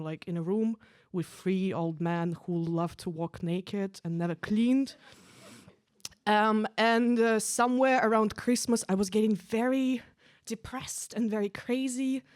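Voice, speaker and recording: A woman's voice: medium pitch, fairly even intonation, unhurried, a little mellow, no room sound, clean studio sound. A young adult woman performing a stand-up comedy set on stage, casual and chatty with lots of fillers. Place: stage at a live event.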